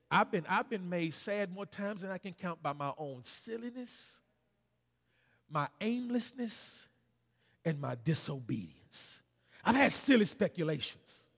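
A man preaches to his church, leading the congregation in call-and-response and pushing his delivery up into shouted peaks. His voice sits high and has a gravelly, husky grain. The sanctuary around him rings with a long reverb. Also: very animated, unhurried. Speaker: pastor. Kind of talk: sermon.

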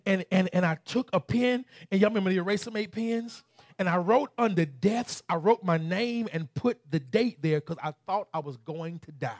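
A man with a Southern US accent preaching a sermon. He shouts scripture, then tells a story in a softer, halting voice. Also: sits high, dry recording, studio quality. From Southern United States.

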